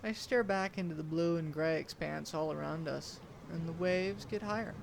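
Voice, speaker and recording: Young male storyteller, slightly high gravelly voice, dramatic first-person narration. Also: noisy background. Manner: deliberate, dramatic storytelling delivery. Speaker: student storyteller.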